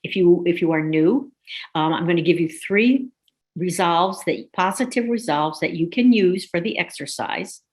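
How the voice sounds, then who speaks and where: Woman, yoga teacher, lowish voice, calm guided instructions, slow pauses.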